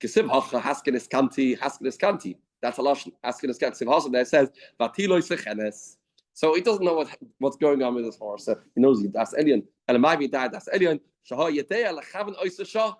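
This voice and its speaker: A man giving a daily Talmud class in a study hall, lively, weaving Hebrew and Yiddish terms into English. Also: mid-range voice, fast talker. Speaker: Talmud teacher. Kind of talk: Talmud lecture.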